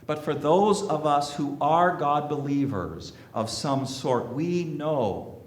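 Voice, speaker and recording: A man preaching a sermon to a congregation, slow and emphatic, asking the listeners rhetorical questions. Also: on the high side, reverberant. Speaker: minister. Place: sanctuary with congregation.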